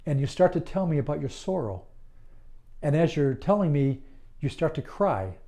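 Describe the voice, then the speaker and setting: A hypnotist man talks to the listener in a calm, deliberate monologue that soothes and reassures. His voice sits a little high for a man yet sounds mellow and warm, never sharp. He leaves long pauses between phrases. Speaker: certified hypnotist. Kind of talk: slow, earnest promotional monologue.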